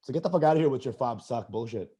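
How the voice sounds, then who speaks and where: A man's voice: mid-range voice, lively intonation, quick pace, warm tone, slightly rough. A man, a comedian and podcast guest, ranting profanely in a casual chat. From United States.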